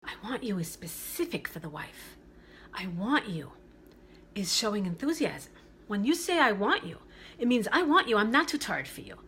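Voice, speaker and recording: A woman's voice: mid-range voice, sing-song, moderate pace, a bit bright, slight background noise. A woman from Brooklyn, giving relationship advice in an emphatic monologue that repeats its key phrases. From Brooklyn, New York.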